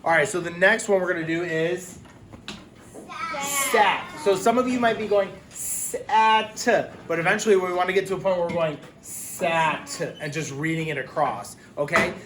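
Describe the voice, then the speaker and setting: A male teacher giving a phonics lesson to young children, sounding out letters slowly and clearly and offering encouragement. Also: sits high, animated, reverberant, noisy background. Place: classroom.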